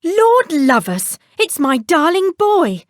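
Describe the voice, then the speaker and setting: A woman's voice: fairly high pitch, big pitch swings, unhurried, no echo, studio quality. A woman voicing a fussy, anxious mother who dotes on her son. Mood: fussing. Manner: anxious and doting.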